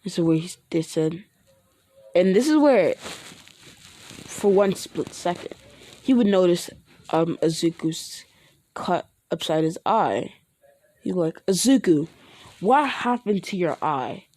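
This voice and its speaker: A woman's voice: fairly low pitch, lively intonation, slow pace, long pauses, dark tone. Rambling woman spinning a story. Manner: rambling with fillers and restarts. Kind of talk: improvised fan-fiction narration.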